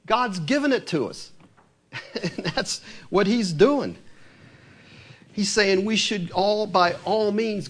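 A man's voice: high-pitched, a bit bright. A man preaching a sermon who reads scripture aloud and asks his listeners questions.

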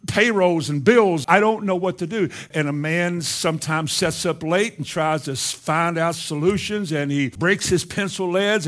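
A man preaching a sermon, swinging between loud, emphatic lines and quiet, low asides. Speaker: pastor.

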